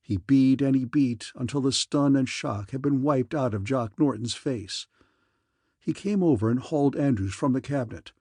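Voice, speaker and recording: A man reading a science fiction audiobook in an even, measured narration. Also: medium pitch, breathy edge, no room sound, studio quality.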